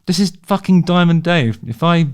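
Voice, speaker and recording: A man's voice: a little high, expressive, normal speed, smooth. Chatty man swearing through a reaction. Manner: chatty, swears freely, frequent restarts, laughs along. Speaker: music commentator reacting to concert footage. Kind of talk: casual reaction commentary.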